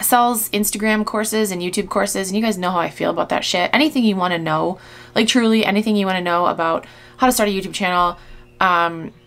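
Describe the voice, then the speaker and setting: Brief: female commentator, exasperated and outraged, mid-pitched voice. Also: fairly bright tone. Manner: indignant, exasperated, sighing. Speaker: YouTube commentator. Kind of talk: reaction commentary.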